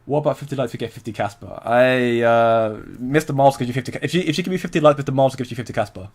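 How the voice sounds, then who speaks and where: A young man hosts a relaxed livestream, talking at an ordinary, mid-range pitch. He rambles in a loose, conversational way, breaks off to greet viewers and answer their comments, and laughs easily. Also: rapid-fire. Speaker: crypto livestream host. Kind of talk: casual livestream chat.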